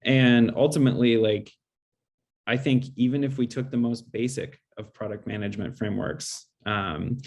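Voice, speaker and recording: A man speaker answering audience questions in a webinar, measured and explanatory, with frequent fillers. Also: on the low side, creaky, darkish tone. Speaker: guest speaker.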